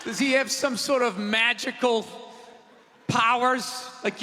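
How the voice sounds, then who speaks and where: Man, stand-up comic, ranting, high-pitched, theater echo, crowd laughing behind. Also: fairly even intonation, takes it slowly. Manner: loud, ranting, mocking voices in quotes. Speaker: stand-up comedian. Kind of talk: stand-up routine. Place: large theater with live audience. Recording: live theater recording, hall reverb, audience noise. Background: audience laughter and crowd.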